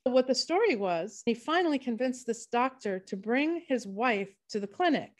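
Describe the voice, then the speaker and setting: A woman's voice: on the high side, animated, normal speed. A woman co-hosting a podcast, chatting casually and telling long rambling stories. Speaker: podcast co-host. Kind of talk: casual chat.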